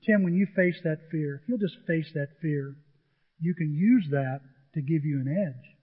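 A man's voice: a little high, normal speed, husky. Middle-aged male pastor, emphatic and repetitive sermon delivery, thin lo-fi phone-line sound. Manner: earnest, repetitive, emphatic preaching.

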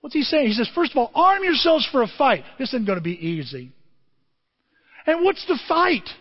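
A high-pitched, lively male preacher tells his story with big swings of voice and sudden shouts. His voice rings in a large hall with a long echo, and the recording sounds dull and lo-fi. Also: moderate pace. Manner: animated storytelling, shouting out in excitement. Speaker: pastor. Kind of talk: sermon. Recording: dull lo-fi audio in a reverberant hall.

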